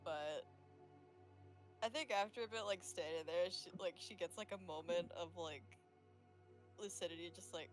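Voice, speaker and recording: A woman's voice: lowish voice, normal speed, soft background music. A woman player describing her character's actions in a tabletop game, hesitant and full of fillers.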